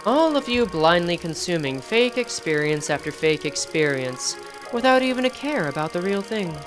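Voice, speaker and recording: A woman's voice: on the low side, sing-song, normal speed, music in the background. A woman voicing a bitter, scornful fugitive speaking through a projected message.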